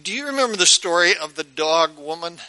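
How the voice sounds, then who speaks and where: A man's voice: on the high side, animated, fairly quick, bright, forceful tone, poor audio. A male pastor preaching a sermon in a conversational storytelling way, often putting questions to his listeners.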